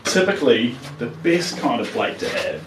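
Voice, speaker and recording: A man's voice: mid-range voice, big pitch swings, normal speed, distant mic, noisy background. A man with a New Zealand accent chatting casually to live viewers while he paints, trailing off as he works. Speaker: artist streaming live. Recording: roomy, mic set back from speaker.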